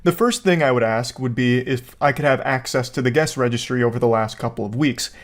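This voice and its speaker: A man giving casual comedic commentary, joking in a deadpan, mock-serious way. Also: medium pitch. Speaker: online commentator.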